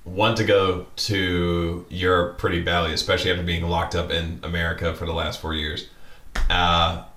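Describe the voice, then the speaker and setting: Podcast host: deep, bright-edged man, echoing room, a bit off-mic. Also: level tone, normal speed. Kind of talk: casual interview questions. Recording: roomy echo, off-mic.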